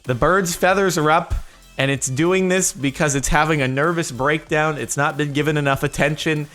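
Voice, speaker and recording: A man's voice: on the high side, steady tone, moderate pace, fairly bright tone, faint music behind, pitched above the performer's own voice, natural voice. A man imitating a fussy, know-it-all pet owner lecturing in an online comment. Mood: insistent. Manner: insistent, lecturing.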